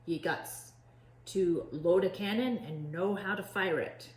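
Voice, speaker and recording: Woman doing a gruff storybook pirate captain, bellowing pirate slang, low voice, unhurried, echoey. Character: gruff male pirate captain, impatient and bossy.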